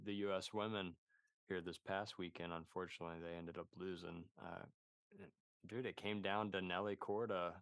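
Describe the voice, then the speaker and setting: A man's voice: low voice, a bit bright, no echo. A man co-hosting a podcast in casual chat, laid-back and full of "dude" and "man". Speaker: podcast co-host. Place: podcast studio.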